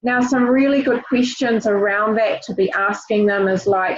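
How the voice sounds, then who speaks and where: A woman's voice: mid-range voice, fairly even intonation, moderate pace, few pauses. Woman coaching her team on a lo-fi call. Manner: direct, encouraging, many fillers and restarts. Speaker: team leader.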